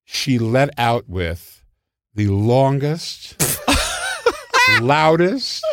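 An older man, a comedy writer, telling show-business anecdotes in casual conversation and jumping into high voices when he quotes people. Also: wildly swooping pitch, drawn-out words, fairly bright tone, no echo, studio quality.

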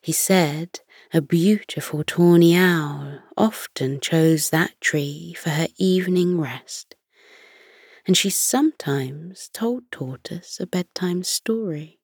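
A woman narrating a soothing bedtime story in a soft, hushed voice that often slips into a whisper. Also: fairly low pitch, slow, husky, no room sound, studio quality.

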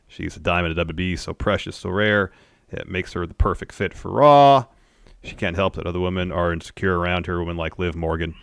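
A man's voice: low voice, dry recording. A man co-hosting a casual podcast, recapping events step by step and adding opinions. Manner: steady recap, then opinions. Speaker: podcast co-host.

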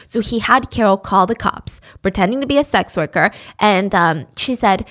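A woman's voice: medium pitch, expressive, moderate pace, hardly any pauses, a bit bright. A young woman telling a true-crime story casually, with chatty, sarcastic asides.

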